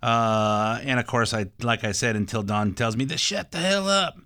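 A man's voice: mid-range voice, normal speed, sharp tone, dry recording. An older man hosting a talk radio show, rambling in a casual folksy way with lots of fillers. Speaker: radio show host and mortgage broker.

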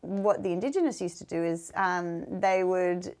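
A woman's voice: lowish voice, moderate pace, darkish tone. Chatty Australian woman. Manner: chatty, explains with many fillers. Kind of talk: casual chat.

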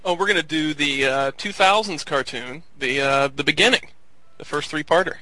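Bright-voiced, laid-back male guest. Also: a little high, normal speed, poor audio. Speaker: podcast guest. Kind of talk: casual chat.

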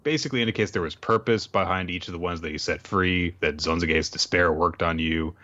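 A man's voice: deep voice, fairly quick, bright, forceful tone. A man co-hosting a podcast, chatting casually about a comic and laughing often, in a dull lo-fi recording. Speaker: podcast co-host. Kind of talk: casual chat recapping a comic.

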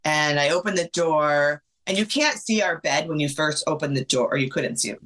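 On a podcast, a woman guest tells a personal story in conversation, emotional and fast-flowing with many fillers. Her voice sits low and is a bit bright.

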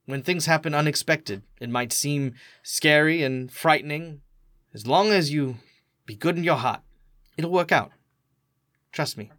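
A man's voice: fairly high pitch, a little slow, no echo. A man doing a motherly foster-care worker. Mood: tender. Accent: Australian. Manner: motherly, firm then soft. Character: caring middle-aged woman foster worker, stern but tender.

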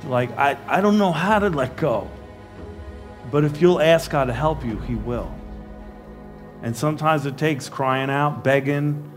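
A man's voice: a little high, a little slow, faint music behind. A man preaching a sermon in an earnest, pleading and emotional way.

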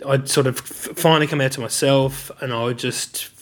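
A man's voice: mid-range voice, fairly even intonation, moderate pace. A middle-aged man with an Australian accent, candidly telling his life story in an interview, reflective and searching for words.

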